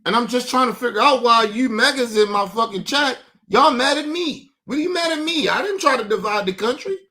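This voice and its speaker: A man's voice: extremely high pitch, a little fast, bright, forceful tone, faint music behind. A man hosting a livestream, ranting combatively and profanely while talking straight to his chat. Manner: combative, profane, mocking, addresses chat directly. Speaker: livestream host. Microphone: streaming setup mic.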